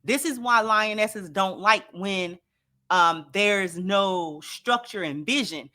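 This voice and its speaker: A woman's voice: mid-range voice, slow pace, pushed and bright. A woman hosting an opinionated commentary show, speaking emphatically and repeating lines for effect. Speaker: commentary channel host.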